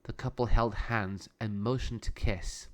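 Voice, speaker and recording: A man narrating a children's storybook aloud in a calm, steady reading voice. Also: on the low side, a little slow.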